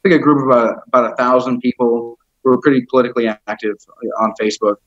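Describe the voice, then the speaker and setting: A man's voice: medium pitch, fairly even intonation, fast, fairly bright tone, dull audio. A man as an interview guest, telling his story in a heated, rambling way, swearing often and stumbling over fillers. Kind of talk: casual storytelling.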